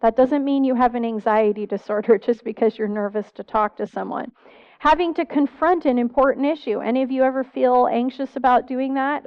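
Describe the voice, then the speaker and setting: A woman's voice: fairly high pitch, fairly quick, muffled recording. A middle-aged woman therapist giving a church seminar talk, earnest, asking the audience questions as she lists symptoms.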